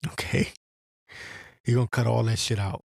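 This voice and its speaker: A man's voice: mid-range voice, steady tone, normal speed, gravelly, a little mellow. A man giving a profane, rambling religious rant and reading scripture aloud. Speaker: religious commentator. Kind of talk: ranting monologue with scripture reading.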